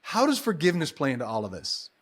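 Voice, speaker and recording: Friendly male host, slightly high voice. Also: huge pitch swings, fast. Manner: friendly, stumbling restarts, frequent agreeing. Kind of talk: casual chat.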